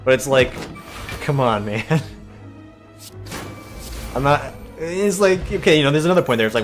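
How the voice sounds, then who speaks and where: A young man with a voice on the high side gives rambling, jokey commentary while playing a game as a streamer and let's-play host, speaking at a moderate pace with long pauses. He's chatty and animated, acting out what his friends say, over soft background music.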